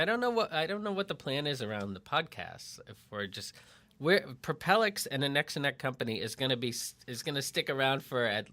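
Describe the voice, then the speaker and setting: A middle-aged man from Massachusetts chatting casually on a podcast from a home barn studio, animated and self-deprecating, with frequent restarts. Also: mid-range voice, vocal fry. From Lexington, Massachusetts. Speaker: podcast co-host, marketing writer.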